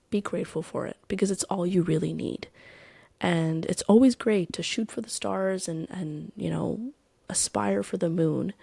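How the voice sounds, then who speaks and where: A young adult woman hosts a personal podcast monologue, talking candidly and emphatically about her own life and swearing for emphasis. Her fairly low voice is gravelly, mellow, and husky, with no room sound.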